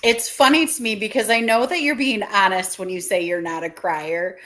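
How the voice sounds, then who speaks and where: A woman's voice: mid-range voice, steady tone, normal speed, fairly bright tone. A woman co-hosting a casual chat, teasing her friend in an amused way. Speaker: co-host.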